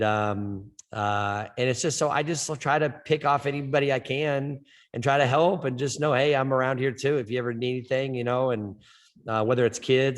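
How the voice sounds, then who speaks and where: A man who stutters, talking in a casual interview with many repeated words and restarts. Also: medium pitch. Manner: stutters, with frequent word repetitions and restarts. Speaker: softball coach.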